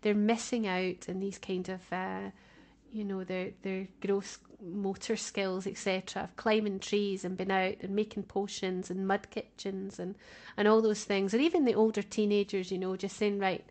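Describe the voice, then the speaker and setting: A woman's voice: mid-range voice, flat delivery, moderate pace, a little mellow. A woman co-hosting a podcast, talking casually and chattily and laughing often. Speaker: podcast co-host.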